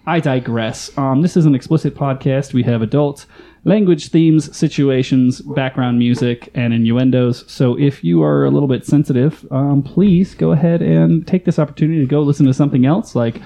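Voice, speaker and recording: Man host, gravelly and mellow, wry rambling banter with a faint hiss behind. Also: mid-range voice, normal speed. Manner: wry, laughing, rambling with fillers. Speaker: podcast host. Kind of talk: casual podcast banter.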